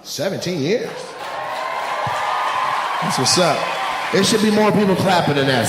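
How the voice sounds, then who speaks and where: A male comic working the crowd, his voice sitting high and swinging wildly as he ribs the audience with profane jokes. His words ring out through an echoing club hall, with the crowd's laughter clearly audible beneath him. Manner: loud, profane, teasing banter with audience. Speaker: stand-up comedian. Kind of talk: crowd work stand-up. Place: comedy club stage before a live audience. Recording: roomy club with long reverb and audience noise. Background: audience laughter and clapping.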